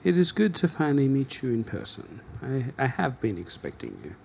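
A man's voice: medium pitch, wildly swooping pitch, brisk, vocal fry, a little mellow, slight background noise. A man voicing an old female fortune teller who cackles and fusses over her guests in a tabletop game. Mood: welcoming.

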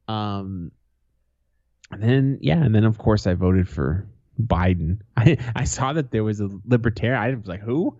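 A man's voice: lowish voice, expressive, a little slow, mellow, no echo, muffled recording. A man co-hosting a casual podcast, swearing freely and laughing through his stories. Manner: profane, laughing storyteller. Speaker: podcast co-host.

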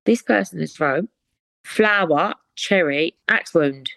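A woman's voice: low voice, moderate pace, vocal fry, a bit bright, dry recording. A woman, hosting a podcast in casual chat, chatty and given to dramatic reactions. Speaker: podcast host.

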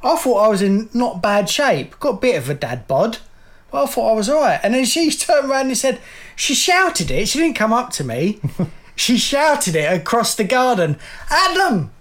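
Chatty middle-aged man with a high voice. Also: very animated, normal speed, fairly bright tone. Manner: chatty, laughs often, rambling. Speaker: podcast co-host. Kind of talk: casual chat.

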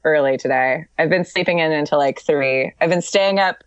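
A woman co-hosting a comedy podcast from a hotel room over a video call, halting and self-deprecating. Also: sits low, no room sound. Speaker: co-host. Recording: dull lo-fi video call audio.

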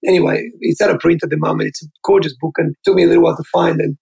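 A man tells his stories at a fast clip. His voice sits high, with a heavy gravel and a husky edge. He is an animated interview guest who acts out every line of dialogue. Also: low-quality recording. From Australia. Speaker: interview guest, keynote speaker. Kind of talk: animated storytelling.

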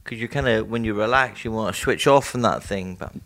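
A man's voice: lowish voice, fairly quick. A middle-aged man chatting as a comedian guest, telling anecdotes and jokes and acting out the people in them. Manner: animated storyteller, acts out voices in his stories.

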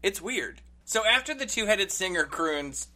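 A man co-hosting a podcast, chatting casually and recapping an episode with quick asides and bursts of laughter. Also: high-pitched, expressive, pushed and bright. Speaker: podcast co-host.

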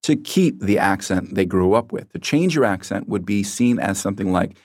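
An American man answering interview questions as a guest expert, in a measured, explanatory way with small self-corrections. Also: low voice, animated, darkish tone, dry recording, clean studio sound. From United States.

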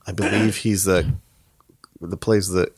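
A man's voice: low voice, a little slow, slightly rough, no echo, studio quality. A man telling a profane comic story in a loose, crude, casual way. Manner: loose, crude, swearing, animated.

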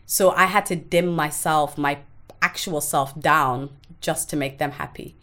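A woman's voice: low voice, sharp tone. A woman guest on a podcast telling her own story in a frank, emotional way, swearing freely and often stopping to restart her sentences. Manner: halting, with restarts. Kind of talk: candid personal storytelling.

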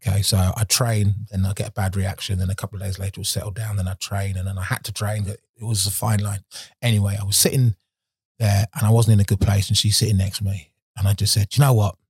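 A middle-aged man talks candidly in an interview, his low voice dark and a little husky. He rambles, stops and restarts as he tells his story. The sound is close and dry. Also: flat delivery, fast, no room sound. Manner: rambling and frank, many restarts and fillers. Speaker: guest, former Olympic sprinter.

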